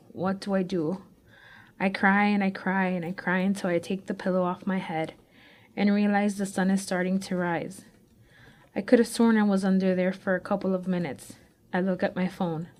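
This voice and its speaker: A woman with a middle-pitched voice reads her own memoir aloud. Her delivery is raw and anxious, an unguarded personal confession. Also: a little mellow. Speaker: student reading her personal essay. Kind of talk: first-person memoir reading.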